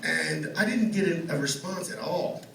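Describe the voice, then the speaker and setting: A man's voice: fairly high pitch, normal speed, creaky, recorded from a distance, noisy background. A man doing a stand-up set in a comedy club, telling profane stories in a conversational way with rhetorical asides to the audience. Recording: roomy club sound from afar with crowd laughter.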